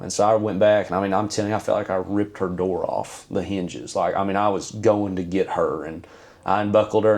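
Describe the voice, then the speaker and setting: A man, a podcast guest telling a personal story in an earnest, halting way with many fillers and restarts. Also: low-pitched, vocal fry, a little mellow.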